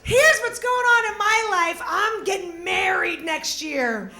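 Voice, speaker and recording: A bubbly, exclamatory woman working a stand-up set. Her voice is very high and she takes her words slowly. The room sounds big and echoey. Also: animated, background noise. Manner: bubbly, exclamatory, with mock outbursts. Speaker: stand-up comedian. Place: comedy club stage. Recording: roomy club stage sound.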